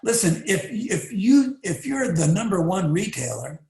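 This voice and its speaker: A man giving a motivational talk, animated and rhetorical, often asking the listener questions. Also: sits high, a little slow, creaky. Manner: animated, rhetorical, acts out little voices. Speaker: motivational speaker. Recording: echoey room.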